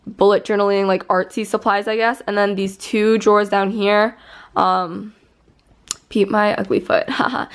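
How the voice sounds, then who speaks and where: A woman's voice: mid-range voice, clean tone. A young woman vlogger rambling casually through a tour of her bedroom, filling her talk with "like" and "I guess". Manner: chatty, rambling, heavy use of "like". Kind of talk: casual room tour vlog. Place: bedroom, indoors.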